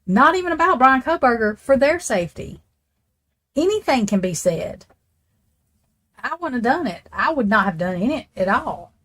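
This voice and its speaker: Hosting a true crime channel, this woman talks casually, rambling and blunt, swearing freely and addressing her viewers in chat directly. Her voice is on the high side and a bit bright, with big pitch swings at a moderate pace.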